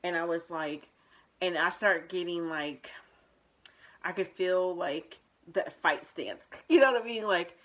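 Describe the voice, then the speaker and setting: A woman's voice: lowish voice, measured pace, a bit bright. A young woman vlogging, telling a personal story in a candid, rambling way with many fillers and restarts.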